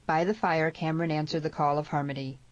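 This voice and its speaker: A woman narrating a western novel in a measured, steady reading. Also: sits low, dry recording, dull audio. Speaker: audiobook narrator. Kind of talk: scripted storybook narration.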